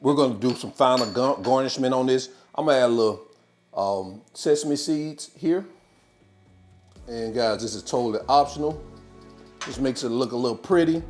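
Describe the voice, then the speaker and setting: A man's voice: mid-range voice, moderate pace, a little mellow, soft background music. A man hosting a casual cooking video, talking viewers through the dish in a laid-back way and hyping the food. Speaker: cooking channel host.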